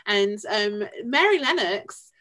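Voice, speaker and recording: A woman with a Yorkshire accent, co-hosting a podcast and chatting casually about a film in an animated way, with wry asides. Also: mid-range voice, slow. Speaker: podcast co-host. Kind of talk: casual film review chat.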